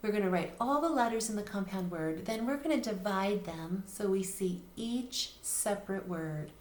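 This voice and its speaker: A woman's voice: mid-range voice, expressive, normal speed. A woman teaching a reading lesson, patiently spelling words out letter by letter. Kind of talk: recorded phonics lesson. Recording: echoey room with faint noise.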